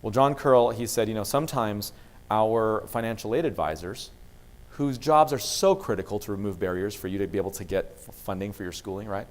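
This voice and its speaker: A man's voice: on the low side, a little fast. A man speaking as a university vice president of student affairs, giving a motivational talk to students and acting out dialogue as he tells stories. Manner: lively storyteller, acts out dialogue.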